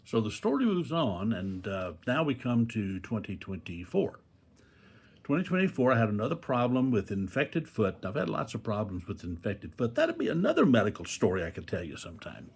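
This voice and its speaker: A man's voice: lowish voice, huge pitch swings, moderate pace, darkish tone, breathy edge. An older man vlogging casually from a hospital room, rambling and folksy with joking asides. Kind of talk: casual talk to camera.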